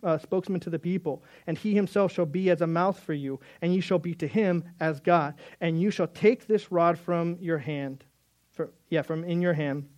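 A man's voice: a little high, normal speed, a little mellow. A man preaching a sermon as pastor, earnest, often repeating words and acting out short bits of dialogue.

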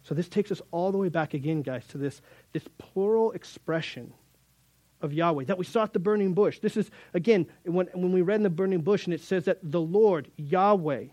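A man preaching a sermon to a room, animated and acting out scripture quotes, often addressing listeners as guys. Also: high-pitched, moderate pace, dry recording. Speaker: pastor. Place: room with young audience.

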